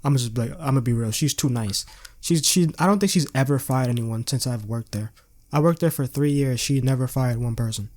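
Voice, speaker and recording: A man's voice: medium pitch, a little fast, darkish tone. A young adult man telling a casual storytime with lots of slang and swearing, laughing as he goes. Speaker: vlogger.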